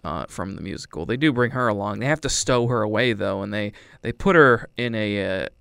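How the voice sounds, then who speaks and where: A man giving a casual, rambling film review with a wry tone, dropping into quick character voices. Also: lowish voice, creaky, fairly bright tone, smooth, no room sound, studio quality.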